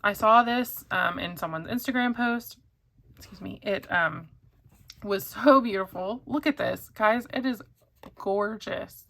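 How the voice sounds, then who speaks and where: A woman's voice: medium pitch, unhurried, creaky, bright, forceful tone. A woman chatting casually to camera as a pen reviewer, rambling with many ums and likes.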